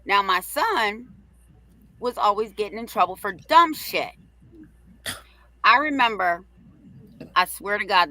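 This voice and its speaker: A middle-aged woman co-hosting a live talk show, telling stories in a brash, profane, animated way and acting out the quotes. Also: medium pitch, slow, long pauses. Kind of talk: casual storytelling chat.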